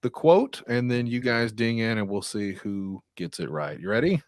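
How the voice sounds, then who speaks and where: A man's voice: on the low side, animated, moderate pace, dry recording, studio quality. A man hosting a podcast, talking in loose, profane banter and laughing easily. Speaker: podcast host.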